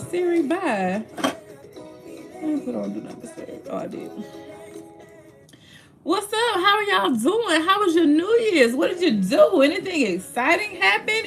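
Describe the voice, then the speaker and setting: Woman livestream host, high voice, chatty, greets viewers by name. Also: fairly bright tone. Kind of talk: casual livestream chat.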